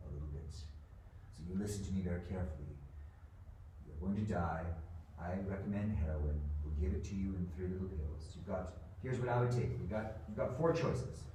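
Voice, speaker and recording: A man delivering a profane, menacing ranting monologue, muttering low and breaking into shouts, recorded in a room. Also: normal speed. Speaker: manifesto author. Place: indoor room. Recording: echoey room, distant mic, faint noise.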